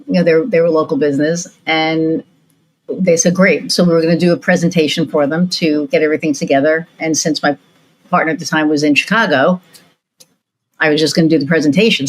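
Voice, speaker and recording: Low-voiced woman hosting a casual chat. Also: poor audio. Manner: animated, swears freely. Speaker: podcast host. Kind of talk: casual conversational storytelling.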